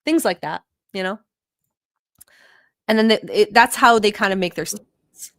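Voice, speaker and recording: A woman's voice: mid-range voice, moderate pace, a bit bright, no echo, studio quality. Blunt, profane woman vlogger. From Middle East. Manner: blunt, profane, laughing asides. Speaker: reaction vlogger host. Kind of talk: casual reaction commentary.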